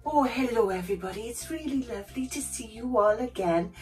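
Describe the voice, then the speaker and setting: Woman doing a cheerful puppet friend, gentle, encouraging, fairly high voice, a bit off-mic, faint music behind. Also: brisk, recorded from a distance, lightly acted, low-quality recording. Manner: gentle, encouraging, explains step by step. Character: cheerful puppet who teaches calm breathing.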